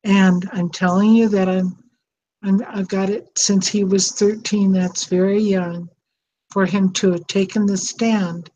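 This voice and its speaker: Slow, earnest older woman. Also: mid-range voice, flat delivery, dark tone, poor audio. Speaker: host. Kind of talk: heartfelt advice talk.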